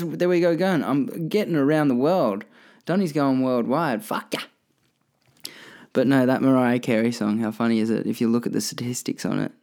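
A man's voice: medium pitch, vocal fry, darkish tone. An Australian man hosting a podcast, answering listener questions in rambling, profane casual chat that keeps correcting itself. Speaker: podcast host.

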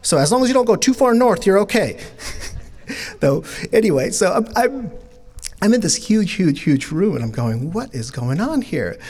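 A middle-aged man, born in Bangladesh and raised in New York City, whose first language is not English, tells a personal story in a casual, animated way and acts out the dialogue. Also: high-pitched, normal speed. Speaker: artist telling a personal story.

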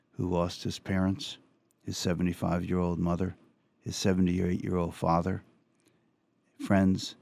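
A male radio talk show host, reading an opinion piece aloud with earnest, measured commentary and some halting restarts. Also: darkish tone, no room sound. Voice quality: low gravelly voice. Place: radio studio.

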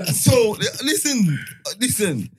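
A man, telling a story in casual podcast chat, animated and full of laughter and slang. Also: high-pitched, slow pace, husky, dry recording, studio quality. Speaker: podcast host.

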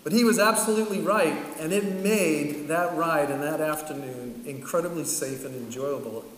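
Man, middle-aged pastor, higher-pitched voice, relaxed chatty preaching, heard from afar in a big reverberant hall. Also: normal speed, recorded from a distance. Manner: casual, chatty, laughs often. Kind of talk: storytelling sermon. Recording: echoey hall, voice from afar, faint ambient noise.

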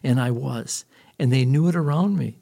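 A man's voice: medium pitch, normal speed, creaky, warm tone. A middle-aged man preaching as a pastor, telling a personal story and then praying with rising fervor. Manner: earnest storytelling, lifts into fervent prayer. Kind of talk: sermon with prayer.

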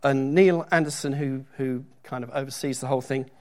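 A man's voice: mid-range voice, steady tone, brisk, a little mellow. A middle-aged man preaching a sermon in a church, talking conversationally with joking asides and reading scripture aloud with emphasis.

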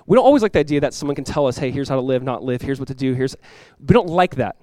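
A man preaching a sermon as pastor, emphatic, rising and swelling when he quotes scripture, with quick conversational asides. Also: mid-range voice, lively intonation, dark tone, no echo.

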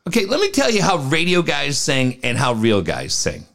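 This is a man co-hosting sports talk radio in loose, casual banter. His voice sits a little high with a gravelly edge, and his pitch swings widely as he tells stories. He swears freely and acts out the people he quotes. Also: huge pitch swings, normal speed, a bit bright.

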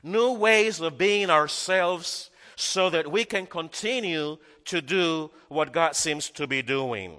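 A man's voice: a little high, slow pace, hardly any pauses, sharp tone, in a large hall. A male pastor preaching a sermon, emphatic and repeating key phrases for effect.

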